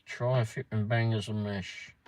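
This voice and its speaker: A man's voice: on the low side, fairly even intonation, moderate pace, darkish tone. A man hosting a casual livestream, reading a pub menu aloud with muttered asides and the odd swear word. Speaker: livestream host.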